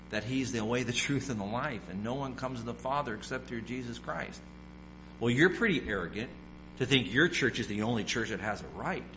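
A man's voice: medium pitch, bright, forceful tone, slight background noise, poor audio. A man preaching a sermon, asking the congregation questions and acting out the voices of people in his stories. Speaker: pastor.

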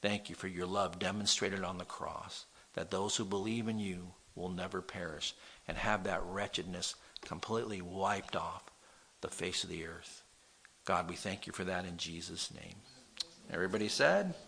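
A man pastor preaching an impassioned sermon in a church, swinging from loud appeals to hushed prayer. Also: deep voice, moderate pace, vocal fry, husky.

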